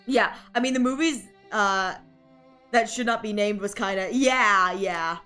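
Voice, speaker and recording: A woman streamer rambles casually to her viewers, full of "like" and "you know" and giggling often. Her mid-range voice is a little slow, pushed and bright, with a clean tone, and faint music plays behind her.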